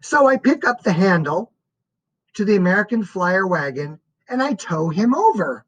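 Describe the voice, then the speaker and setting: A woman reading a first-person story aloud as an audiobook narrator, in a slow and expressive way. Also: mid-range voice, muffled recording.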